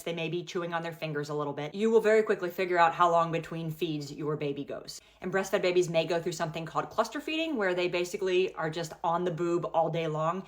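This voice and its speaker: A woman talking calmly and patiently as a parent, mixing dry humor into everyday parenting skits and advice. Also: lowish voice. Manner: calm, patient, dryly wry. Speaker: parent content creator.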